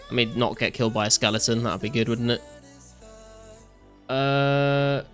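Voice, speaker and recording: A young British man live-streaming a game, casually chatting and excitedly thanking viewers, swearing often. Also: medium pitch, measured pace, soft background music. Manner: excitable, swears a lot, thanks donors profusely.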